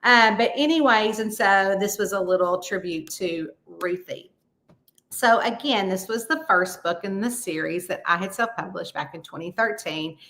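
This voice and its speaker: A woman's voice: mid-range voice, normal speed, a bit bright. A middle-aged woman, a mystery author chatting casually with readers and telling stories full of fillers. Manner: chatty storytelling with many fillers. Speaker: mystery author hosting a live chat. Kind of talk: casual chat.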